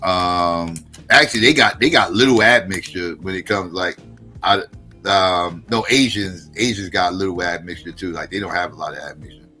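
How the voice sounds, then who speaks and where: A man's voice: sits low, normal speed, bright, forceful tone, soft background music. A man from New Jersey hosting a live talk stream, telling stories loosely with lots of swearing and restarts. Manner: loose, profane, storytelling with many restarts. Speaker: host. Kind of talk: casual live stream chat.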